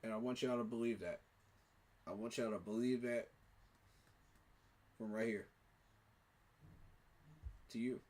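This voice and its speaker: A man's voice: mid-range voice, fairly even intonation, a little slow, long pauses, darkish tone. A man giving an emotional, preacher-like fan monologue, repeating his phrases for emphasis. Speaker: sports fan commentator.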